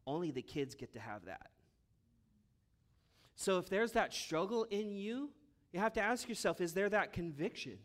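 A man with a high-pitched voice preaches a sermon from the pulpit. He rises into loud, urgent bursts, then drops to hushed, low asides as he pleads with his congregation. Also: sing-song, moderate pace, pauses often. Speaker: pastor.

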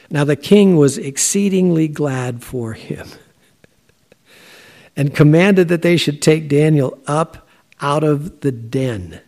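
A man giving a conversational Bible teaching, talking in a halting way with frequent filler sounds. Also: fairly high pitch, creaky, a little mellow.

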